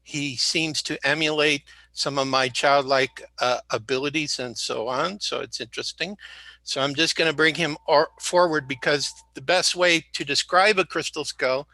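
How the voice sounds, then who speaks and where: A slightly sick man chatting as a guest in a bright, tense-edged voice. He rambles, tells jokes and backtracks mid-sentence. The sound is dry and close, with no room behind it. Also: fairly high pitch, fairly even intonation, moderate pace, no echo. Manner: rambling, jokey, self-correcting. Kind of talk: casual interview talk.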